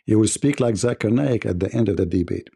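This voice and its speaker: A man's voice: fairly low pitch, fairly quick, creaky, dark tone, slightly rough. A man hosting a livestream debate, delivering a mocking, combative monologue.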